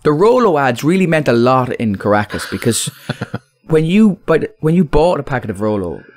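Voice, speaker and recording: A man's voice: a little high, moderate pace, no room sound. A man with an Irish accent, a guest comedian riffing on a comedy podcast. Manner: animated, riffing, bursts into put-on voices.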